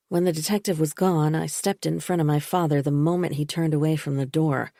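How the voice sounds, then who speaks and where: A woman reading a first-person psychological thriller audiobook in a steady, measured way. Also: sits low, no echo, studio quality. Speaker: audiobook narrator. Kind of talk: first-person scripted narration.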